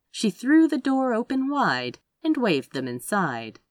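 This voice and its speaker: A woman narrating a story aloud with an expressive reading. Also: fairly high pitch, measured pace, hardly any pauses, dry recording, clean studio sound. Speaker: audiobook reader.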